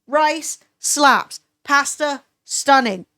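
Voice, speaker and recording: A young woman chatting casually with her livestream viewers, animated and swearing freely. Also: sits high, drawn-out words. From Southern Italian family. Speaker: streamer.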